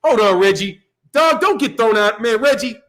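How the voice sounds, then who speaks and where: High-pitched chicago guy hosting a boxing live stream, rambling, swearing, laughing a lot. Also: expressive, moderate pace, a bit bright. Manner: loose, profane, laughs often, rambling. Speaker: boxing channel host. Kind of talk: casual live-stream rant.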